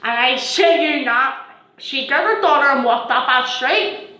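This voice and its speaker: Animated teen girl, swearing. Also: high voice, a little slow, muffled recording. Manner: animated, swearing, acting out quotes in bursts. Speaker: vlogger. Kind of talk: storytime vlog. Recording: echoey room.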